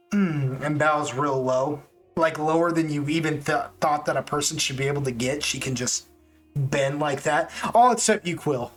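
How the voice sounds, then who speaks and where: A man narrating a tabletop game as game master, casual and quick to laugh, with rambling asides. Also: a little high.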